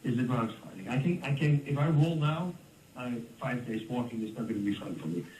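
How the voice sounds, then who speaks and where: Dutch man, fifties, storytelling guest, lively, heard from a distance in a roomy space, faint ambience. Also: medium pitch, brisk, slight background noise. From Netherlands. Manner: animated, laughs often, restarts words. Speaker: interview guest, former fighter. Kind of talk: casual storytelling interview.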